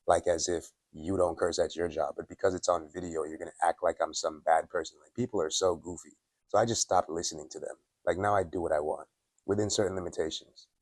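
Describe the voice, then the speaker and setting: A man from Dominica in his late twenties or thirties, talking through a casual motivational monologue for his vlog. He is candid and opinionated, fills his talk with "like", and clears his throat often. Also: deep voice, steady tone, brisk, darkish tone, no room sound, studio quality. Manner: candid, opinionated, filler-heavy with frequent "like". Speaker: self-improvement vlogger. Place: at his workplace.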